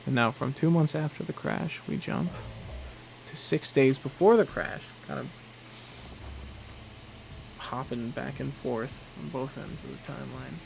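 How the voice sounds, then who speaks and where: A man's voice: medium pitch, fairly even intonation, measured pace, creaky, pauses often, poor audio. A tired man giving casual, rambling commentary while playing a game, with a faint air conditioning hum. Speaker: gamer. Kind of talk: casual let's play commentary.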